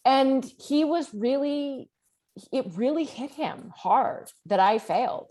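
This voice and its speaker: A middle-aged woman talking as a guest author in an interview, candid and animated, with plenty of fillers as she tells her story. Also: on the high side, a little slow. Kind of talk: conversational interview.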